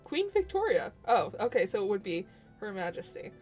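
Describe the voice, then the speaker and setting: A woman's voice: mid-range voice, sing-song, normal speed, a little mellow, soft background music. Chatty, swearing woman streamer. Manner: chatty, swears casually, laughs often. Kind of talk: casual chat while playing a game.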